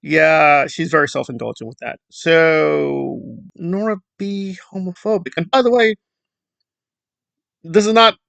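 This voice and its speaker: Gravelly sarcastic man ranting. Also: fairly high pitch, measured pace, long pauses, fairly bright tone, no room sound, highs cut off. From Central America. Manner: sarcastic, rambling, mocking asides. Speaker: commentary YouTuber. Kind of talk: casual commentary monologue.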